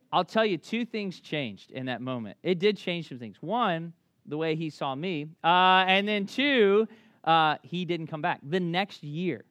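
In a clean, fairly high-pitched voice with no room sound, a thirtysomething Memphis, Tennessee pastor preaches. His thick Southern accent carries a conversational sermon of animated stories, punctuated by quick restarts.

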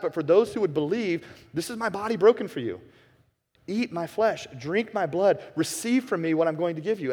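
Impassioned pastor in a reverberant hall. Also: male voice, on the high side, breathy edge. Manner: impassioned, swings from hushed to emphatic. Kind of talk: sermon. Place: church sanctuary. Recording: long reverb of a church hall.

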